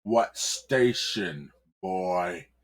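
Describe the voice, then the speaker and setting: A man plays a big, commanding mayor in an improvised fantasy tale, his deep voice dragging each word out slowly and sternly. He sounds imposing and in charge. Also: expressive, heavily acted.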